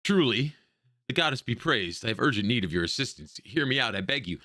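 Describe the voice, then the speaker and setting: A man's voice: medium pitch, big pitch swings, brisk, pushed and bright, no room sound, studio quality. A man voicing a busy, long-winded male chef in a role-playing game, reading his stiff, formal lines aloud.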